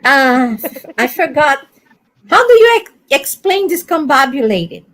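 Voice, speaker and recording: A woman with a Brazilian accent touched by Colorado English, chatting on a video call, animated and often searching for words. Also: sits high, measured pace, a little hiss or hum. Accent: Brazilian Portuguese with a Colorado touch. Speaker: livestream guest. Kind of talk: casual chat.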